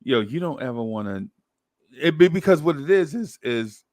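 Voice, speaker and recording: A man's voice: medium pitch, moderate pace, dry recording. Storytelling guy, does voices, laughs a lot, dry close mic. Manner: excitable storyteller, acts out voices, laughs often. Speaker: podcast co-host telling a story. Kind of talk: casual chat, animated storytelling.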